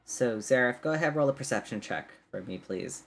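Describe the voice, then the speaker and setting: A man running a tabletop game, narrating and answering players in a loose, casual way. He fills pauses with ums and uhs and keeps a mid-range pitch. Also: lively intonation, fairly bright tone, soft background music. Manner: casual, many fillers, laughing narration. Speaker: game master.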